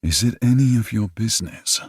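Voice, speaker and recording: A man's voice: fairly low pitch, lively intonation, a little fast, breathy edge, dry recording, voice pushed up. A man voicing a wry British single dad with a guarded, dry manner.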